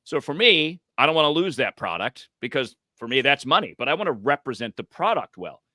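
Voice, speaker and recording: A former radio man talks through phone-call tips in an easy conversational way. His voice is bright and forceful, recorded dry with no room sound. He lets his pitch rise and fall for emphasis. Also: sing-song, brisk, dry recording. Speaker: podcast guest, voice coach. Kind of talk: conversational advice.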